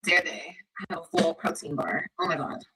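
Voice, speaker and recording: A woman's voice: deep voice, fairly even intonation, moderate pace, bright, forceful tone, breathy edge, rough recording. A mother on a livestream, talking to her kids and sarcastically mocking her viewers. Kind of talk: casual livestream chat.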